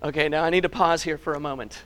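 A man's voice: fairly high pitch, steady tone, quick pace, a bit bright. A male preacher giving a sermon in an emphatic, conversational way, stacking words for emphasis and chuckling at himself.

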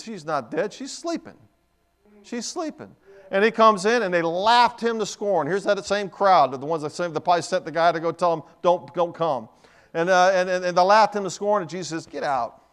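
A middle-aged man preaching a sermon, swinging from quiet asides to loud bursts, with frequent restarts. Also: on the high side, smooth. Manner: dynamic, swings from soft to loud, many restarts.

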